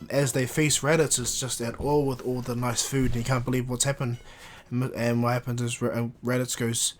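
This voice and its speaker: A man casually retelling a fan story in a rambling way, with many restarts and fillers. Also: mid-range voice.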